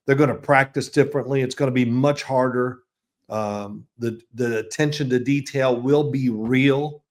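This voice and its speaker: A man's voice: mid-range voice, steady tone, normal speed. A man in his sixties, a football analyst guest, telling chatty, rambling anecdotes with restarts and chuckles in a casual interview.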